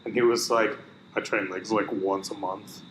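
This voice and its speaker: A man's voice: fairly low pitch, moderate pace. Guy telling a gym story, lots of quoting back and forth, echoey room, faint hiss. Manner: animated anecdote-telling, quoting others. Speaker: podcast co-host. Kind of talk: casual chat, storytelling.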